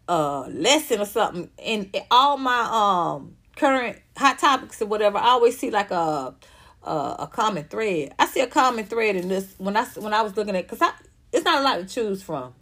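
A woman host, giving brash, profane celebrity gossip commentary in an animated storytelling way. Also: mid-range voice. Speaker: channel host.

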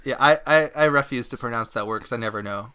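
A man co-hosting a podcast, talking in a loose, rambling way. His voice is bright and ringing, and he mocks himself and laughs often through casual chat. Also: medium pitch, fast talker, smooth. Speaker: podcast co-host.

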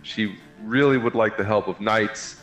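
A man's voice: lowish voice, a little slow, fairly bright tone, soft background music. A man voicing a flustered male minotaur who pleads earnestly with a band of knights. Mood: pleading. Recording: roomy echo.

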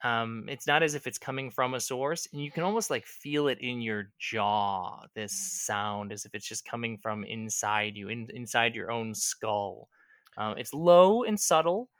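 A man running a tabletop role-playing game as game master, describing scenes at an unhurried pace with frequent ums. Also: mid-range voice, a bit bright, clear, resonant tone, no room sound, clean studio sound.

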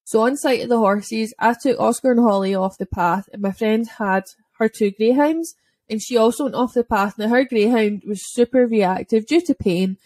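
A woman's voice: fairly high pitch, normal speed, darkish tone, no echo. Chatty woman telling a story. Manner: chatty, frequent "like" fillers, vivid storytelling. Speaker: dog owner and podcast speaker. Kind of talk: casual podcast storytelling.

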